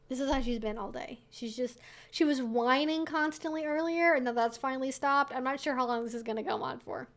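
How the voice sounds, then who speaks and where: A woman's voice: high-pitched, brisk. A young woman hosting a casual livestream Q&A, chatty with lots of fillers and sarcastic asides. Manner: soft baby talk to her dog. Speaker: streamer hosting a weekly Q&A.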